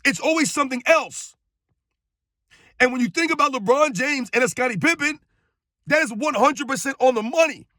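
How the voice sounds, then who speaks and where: A man's voice: very high voice, expressive, moderate pace, pauses often, bright, forceful tone, no echo, studio quality. A man giving an emphatic, scornful sports rant, hammering his points home with repetition. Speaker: sports commentator. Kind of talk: ranting sports commentary.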